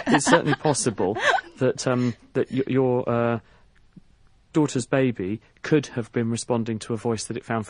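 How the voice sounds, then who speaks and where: A man's voice: on the low side, darkish tone, no room sound. Man, radio science expert, call-in show, eager explainer, dry close sound. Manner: fluent, enthusiastic explainer with occasional restarts. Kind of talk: explaining answers to callers.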